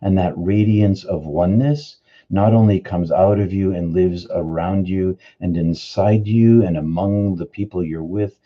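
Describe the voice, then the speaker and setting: A man's voice: low voice, a little slow, lo-fi sound. A man from the Boston area giving an earnest, reflective spiritual teaching on a live stream, answering viewers' comments by name. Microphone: studio microphone.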